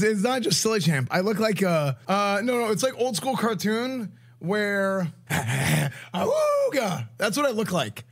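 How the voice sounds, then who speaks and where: A man streamer hosting a recap, telling stories in a dramatic, punchy way. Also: high-pitched. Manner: excitable, dramatic, punchy delivery. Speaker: streamer host. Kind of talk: animated recap storytelling.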